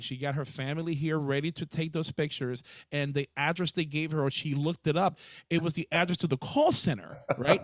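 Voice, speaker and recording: A man with a fairly high voice talks on a podcast, telling stories in an emphatic, animated way. The sound is close and dry with no room echo. He has a casual, conversational delivery. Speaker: podcast co-host, HR professional.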